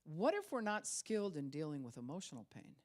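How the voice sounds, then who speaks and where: A woman's voice: deep voice, sing-song, brisk, darkish tone. A middle-aged woman pastor giving a conversational sermon, acting out quoted voices and laughing now and then.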